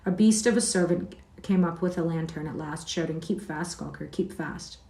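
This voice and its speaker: A woman's voice: sits low, normal speed, dark tone. A woman reading as Heathcliff, scornful wild boy. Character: Heathcliff, a wild defiant boy telling his tale. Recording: roomy sound from a distant mic.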